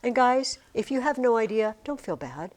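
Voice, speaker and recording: A middle-aged woman teacher speaks in a classroom, and her voice swoops up and down with lively energy. She chants rhythms aloud and chats with her students as she goes. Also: on the high side, normal speed.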